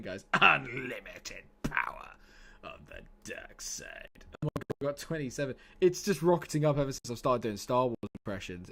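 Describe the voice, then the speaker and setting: A man streaming a football management game live, chatting excitedly and laughing often. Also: medium pitch. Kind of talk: casual live game commentary.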